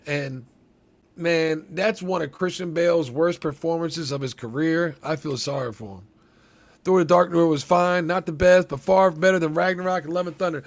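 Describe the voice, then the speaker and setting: A man hosting a casual trailer reaction, talking in a rambling, profane, excitable way with lots of restarts. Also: high voice, vocal fry. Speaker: movie reaction host.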